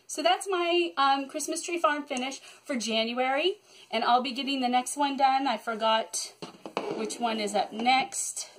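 A woman chatting excitedly to camera about her cross-stitch projects, rambling with many asides. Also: medium pitch. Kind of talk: casual chat to camera. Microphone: phone camera.

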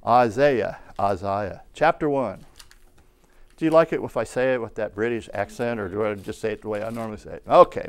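A man preaching a sermon, telling a personal story and rising to loud calls of amen. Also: mid-range voice. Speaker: pastor.

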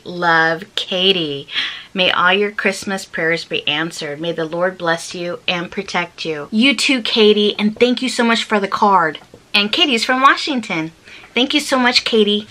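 Bright-voiced woman gushing over mail. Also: mid-range voice. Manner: gushing, gasps and exclaims often. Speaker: vlogger reading viewer mail. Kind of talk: casual chat, reading cards aloud.

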